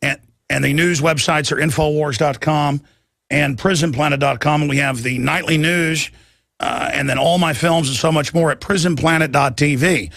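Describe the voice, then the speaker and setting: A male radio talk show host interviewing a guest, speaking in a rambling, emphatic and excitable way. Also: a little high, moderate pace, vocal fry, dry recording, clean studio sound.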